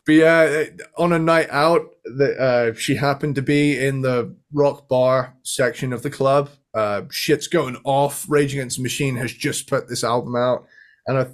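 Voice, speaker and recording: A man co-hosting a podcast, chatting casually and with enthusiasm, humming guitar riffs and swearing freely. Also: medium pitch. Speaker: podcast co-host. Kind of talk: casual chat.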